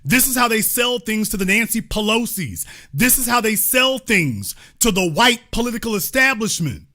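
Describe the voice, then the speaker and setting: Guy ranting on his commentary show, sarcastic and heated, high sharp voice. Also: big pitch swings, moderate pace, faint music behind. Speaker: political commentary host. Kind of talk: opinion commentary.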